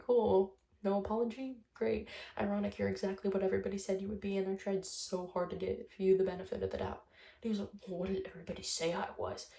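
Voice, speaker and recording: A woman's voice: medium pitch, gravelly, dark tone, roomy sound. A young woman vlogger telling a breakup story in a chatty, casual monologue, swearing often and retelling conversations line by line.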